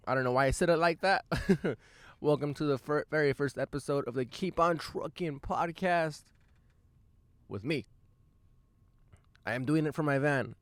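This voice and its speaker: A young man hosting his own podcast from inside his van, telling a rambling story in a loose, profane and self-amused way, with quick bursts of excitement. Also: on the high side, dry recording. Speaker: podcast host. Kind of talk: casual storytelling monologue.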